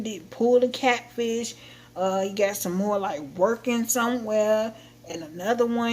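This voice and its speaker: A woman's voice: on the high side, a little mellow. Woman, livestream host, blunt, heated, casual chat. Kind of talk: casual venting chat to viewers.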